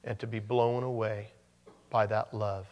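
A man's voice: lowish voice, little pitch movement, unhurried, darkish tone, long reverb tail. A man preaching a sermon as pastor, in a conversational manner with joking asides.

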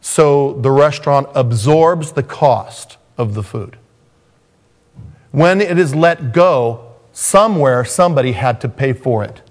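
A man preaching a sermon as a pastor, swinging from raised, intense passages down to hushed, soft ones. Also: medium pitch, expressive, takes it slowly.

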